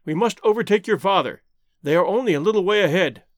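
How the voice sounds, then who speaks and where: Man doing a proud jungle hero in an audiobook, firm and direct, lively pitch. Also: quick pace, no room sound, clean studio sound. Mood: intense. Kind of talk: audiobook character voice.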